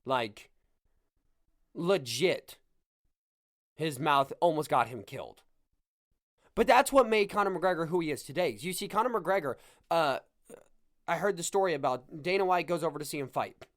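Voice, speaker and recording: A man hosting a podcast, chatting casually about sports in an animated, rambling and joking way. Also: a little high, normal speed, long pauses. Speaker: podcast host.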